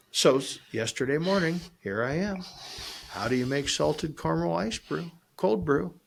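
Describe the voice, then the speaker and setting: A man hosting a podcast, telling a long story in a casual, animated way and acting out both sides of the conversation. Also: a little high, moderate pace, vocal fry. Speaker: podcast host and restaurant owner.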